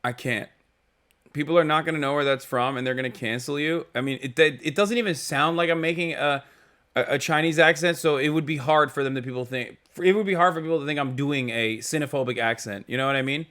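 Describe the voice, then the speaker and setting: Reacting to news clips on a live stream, a man delivers loose political commentary, rambling, emphatic, profane and heavy on fillers. He speaks fast, with a fairly high pitch and a sharp tone.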